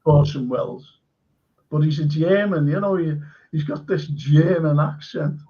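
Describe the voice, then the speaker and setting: A man's voice: fairly high pitch, unhurried, mellow, dull audio. A man hosting a live-stream chat, telling stories enthusiastically with lots of fillers. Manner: rambling, enthusiastic storytelling with many fillers. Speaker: host.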